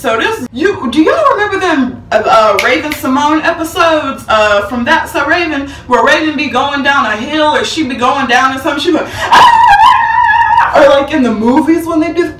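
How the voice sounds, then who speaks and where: Animated young woman telling a storytime. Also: high voice, fairly quick, few pauses, echoey room, far from the mic, a little hiss or hum. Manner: animated, dramatic retelling with acted-out quotes and laughter. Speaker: vlogger. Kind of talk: storytime vlog.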